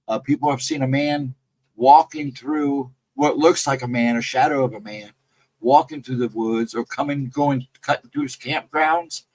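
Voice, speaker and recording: A mid-range male voice, captured with poor audio, belongs to a guest storyteller on a live stream. He casually tells a ghost story from a camping trip, rambling loosely, repeating himself, and often saying "I mean" and "you know."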